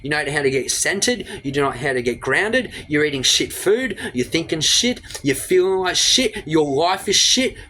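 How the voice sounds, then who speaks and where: A motivational vlogger talks straight into his phone camera, delivering a blunt, profane rant in rapid-fire lecturing bursts. His voice is fairly high, animated, pushed and bright, with a little background noise behind it.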